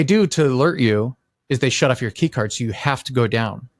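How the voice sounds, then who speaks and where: A man's voice: medium pitch, lively intonation, a little fast, dry recording. A man hosting a podcast, telling a story in casual chat, rambling with many restarts and quoted voices. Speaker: podcast host.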